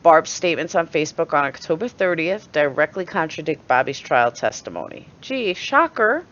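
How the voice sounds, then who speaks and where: A low-voiced woman with a New York accent delivers opinionated commentary, blunt and sarcastic and quick to swear. Her pitch swings widely, and the recording sounds dull and lo-fi. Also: expressive. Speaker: channel host.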